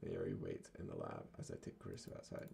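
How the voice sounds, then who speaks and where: A man reading a visual novel aloud, narrating in a brooding, low-key first person. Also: fairly even intonation, fast, vocal fry, warm tone, a little hiss or hum.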